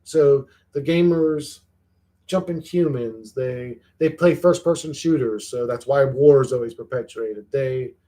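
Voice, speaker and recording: A man's voice: medium pitch, mellow. A man hosts a casual livestream and chats loosely with his viewers. He rambles, swears often, and repeats words as he starts his sentences. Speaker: livestream host reading chat.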